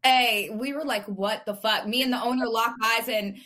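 A woman podcast co-host telling a profane, animated story in casual chat. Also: on the high side, moderate pace.

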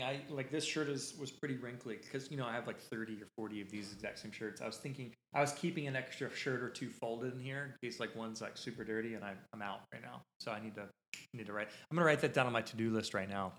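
A man's voice: mid-range voice, fast talker, a bit bright. A man hosting a podcast, telling a casual story in a rambling, self-interrupting way. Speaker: podcast host. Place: podcast studio. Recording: echoey room.

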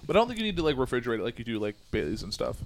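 Fast-talking man in casual chat. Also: mid-range voice, sing-song. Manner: quick, rambling, many fillers. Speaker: podcast co-host.

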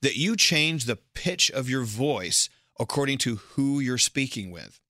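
Bright-voiced man hosting a radio chat. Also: medium pitch, a little slow, dry recording, clean studio sound. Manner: chatty, playful, animated storytelling. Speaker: radio show host. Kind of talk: casual entertainment news chat.

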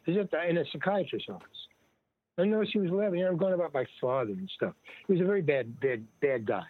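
A man's voice: on the high side, fast, breathy edge, dry recording. Older man rambling over a tinny line. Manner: rambling, with many restarts and animated retelling of dialogue. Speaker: interview guest. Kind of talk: casual storytelling. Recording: dry, tinny phone-like line.

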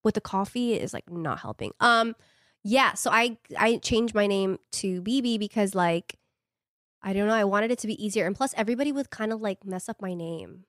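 A woman's voice: medium pitch, normal speed, no room sound, studio quality. A young woman with a New York accent chatting casually, rambling with plenty of fillers. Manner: rambling, animated, lots of fillers. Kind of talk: casual chat.

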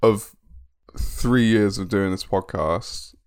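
A man's voice: on the low side, slow pace, a little mellow, dry recording. A man co-hosting a podcast, making dry, teasing remarks in casual chat. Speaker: podcast co-host.

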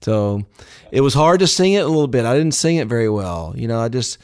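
A man's voice: medium pitch, sing-song, a little fast, a little mellow. A man in his sixties as an interview guest, speaking in a rambling, heartfelt way with many fillers. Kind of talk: casual interview.

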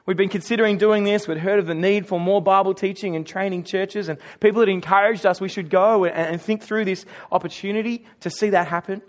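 An Australian man preaching with a notably high voice. He speaks in a relaxed, chatty way and pokes fun at himself as he tells stories from the pulpit. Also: brisk, hardly any pauses. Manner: conversational storytelling with self-mocking humor. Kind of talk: sermon.

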